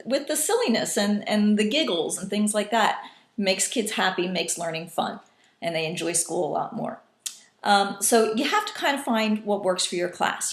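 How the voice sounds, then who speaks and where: A woman teacher walks other teachers through a classroom routine, patient and instructional. She sometimes acts out calls in different voices. The room around her is echoey. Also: mid-range voice. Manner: patient, demonstrating call-and-response in varied voices.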